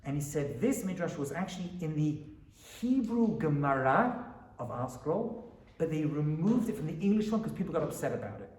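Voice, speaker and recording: Rabbi guy lecturing, high voice swinging all over, sounds far off in an echoey hall. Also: moderate pace. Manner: animated, asks the audience questions. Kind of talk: Torah lecture to an audience.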